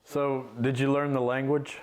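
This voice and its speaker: A man's voice: mid-range voice, little pitch movement, normal speed, a little mellow, clean tone. A man hosting a casual interview, giving short, encouraging replies and asking simple follow-up questions. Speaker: interview host.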